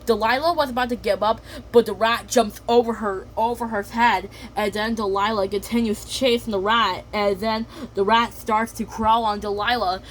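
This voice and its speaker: A woman's voice: on the high side, steady tone, moderate pace, a little hiss or hum. A woman narrating an improvised story in a rambling way, chaining events with "and then".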